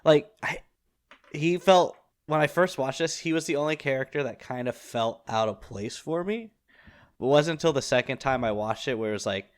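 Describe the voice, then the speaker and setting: A man's voice: mid-range voice, expressive, moderate pace. A man hosting a casual film podcast, talking in a rambling way with many fillers and restarts. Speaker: podcast host.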